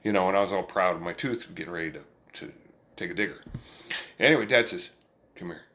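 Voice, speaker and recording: Guy with a lowish voice, rambling folksy storytelling, chuckles a lot. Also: quick pace, bright, forceful tone. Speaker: vlogger telling a family story. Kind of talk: casual storytelling. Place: indoors, room with an amplifier.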